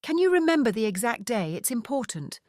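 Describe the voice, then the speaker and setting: A woman voicing a calm, methodical male private investigator who asks polite questions. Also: on the high side, a little fast, no room sound, clean studio sound, pitched above the performer's own voice.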